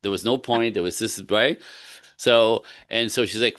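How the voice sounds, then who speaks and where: A man's voice: fairly low pitch, moderate pace, dry recording, studio quality. A man, a relationship coach, chatting casually on a podcast and telling stories animatedly, acting out both sides of conversations. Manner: animated storytelling, acts out both sides of dialogue.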